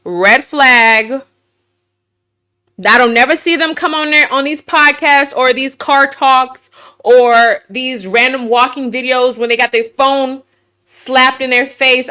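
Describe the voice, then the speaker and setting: A woman's voice: high-pitched, fairly even intonation, measured pace, bright, forceful tone, smooth. A woman hosting an opinion commentary to camera, emphatic and sassy, firing off rhetorical questions. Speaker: host. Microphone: webcam while screen sharing.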